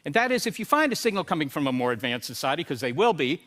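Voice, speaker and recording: A man's voice: on the high side, big pitch swings, fast, a bit bright. A man giving a prepared talk in an emphatic way, often checking in with his listeners. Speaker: speaker.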